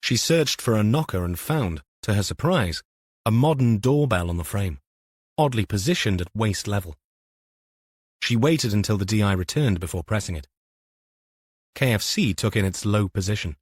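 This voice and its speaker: A man narrating a police novel in a measured, even storytelling manner. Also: on the low side, husky, no echo, studio quality. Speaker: audiobook narrator. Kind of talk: scripted narration.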